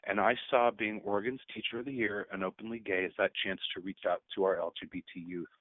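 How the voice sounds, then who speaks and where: A man's voice: on the low side, fairly even intonation, fast talker, no room sound. A man in his fifties, a teacher and guest on a radio show, speaking earnestly and at times choked up. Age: 50s. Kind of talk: emotional radio interview. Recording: tinny phone line.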